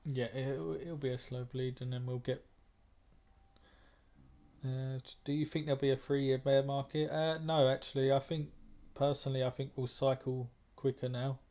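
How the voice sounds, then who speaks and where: A man's voice: mid-range voice, little pitch movement, normal speed, mellow. A man, a trader and moderator, talking bluntly in a casual group discussion, often repeating words as he thinks.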